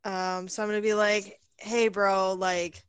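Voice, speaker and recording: A woman playing a tabletop game, relaxed and hesitant, full of fillers. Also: mid-range voice, a little slow, clean tone, no echo. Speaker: player. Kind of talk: casual tabletop play.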